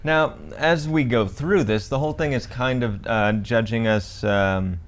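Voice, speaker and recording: A young man co-hosts a podcast, recapping a film in casual chat that rambles and jokes, with plenty of fillers and restarts. His mid-range voice is unhurried.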